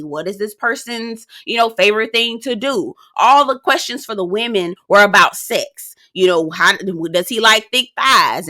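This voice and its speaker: A woman in her thirties giving a sassy, animated recap of a reality show, with laughing asides and quoted lines. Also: medium pitch, dry recording, clean studio sound. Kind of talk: casual recap commentary.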